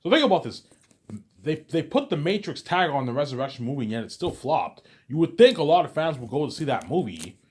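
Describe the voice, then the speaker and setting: A man's voice: a little high, very animated, a little fast, a little mellow, slightly rough. A man vlogger ranting in a casual monologue, repeating himself and swearing freely. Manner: repetitive, profane ranting.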